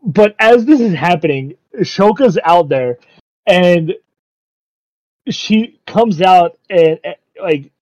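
Giggly high-voiced man recapping anime. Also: slow pace, no room sound. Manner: excitable, laughs constantly while retelling; swears casually. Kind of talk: casual chat recapping an anime episode. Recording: dull lo-fi sound.

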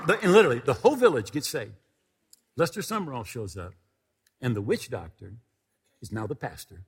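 A man preaching a sermon, retelling a story with lively quoted dialogue. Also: a little high, brisk, breathy edge. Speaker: pastor. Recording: long hall reverb.

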